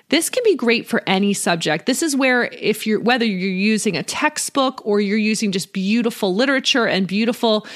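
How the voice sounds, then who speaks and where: A woman's voice: a little high, fairly bright tone. A woman in her thirties hosting a homeschool podcast, explaining teaching steps in a friendly, chatty way. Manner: friendly, explanatory, uses "you know" and "right?". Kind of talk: casual instructional talk.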